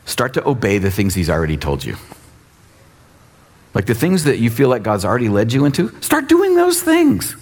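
A man in his sixties preaching a sermon in a casual, animated way, acting out quotes. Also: fairly low pitch, brisk, pauses often. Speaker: pastor.

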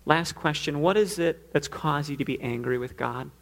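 A man's voice: on the high side, normal speed. A man preaching a sermon, earnest, now and then acting out the pleas he quotes. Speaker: pastor.

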